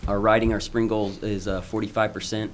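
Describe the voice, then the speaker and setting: A man with a very low voice gives a school update at a board meeting. He talks informally, stopping and restarting with plenty of ums. A faint hiss sits under his voice. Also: level tone, a little fast. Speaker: school principal presenting to a school board. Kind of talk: presentation at a public meeting.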